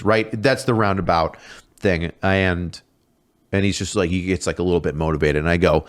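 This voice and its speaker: A man in his thirties with a somewhat low voice tells an old army story on a podcast. He swears freely and gets animated as he acts out scenes. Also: brisk. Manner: animated, profane, acts out shouted exchanges. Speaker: podcast guest, former drill sergeant. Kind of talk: casual storytelling.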